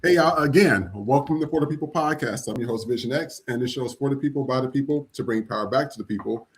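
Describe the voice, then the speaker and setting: A man's voice: medium pitch, fast talker, slight background noise. A man hosting a live podcast, talking loosely with fillers and apologies. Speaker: podcast host. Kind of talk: casual live podcast chat.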